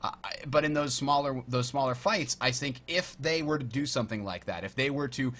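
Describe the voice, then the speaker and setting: A man hosting a casual gaming podcast, animated and acting out his own reactions. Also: medium pitch, brisk. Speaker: podcast host.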